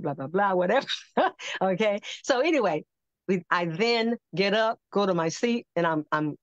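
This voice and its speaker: An older woman on a podcast telling a personal testimony, animated and acting out the voices she quotes. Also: lowish voice, dry recording. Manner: animated storyteller who acts out quoted voices. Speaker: podcast guest. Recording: dull lo-fi dry sound.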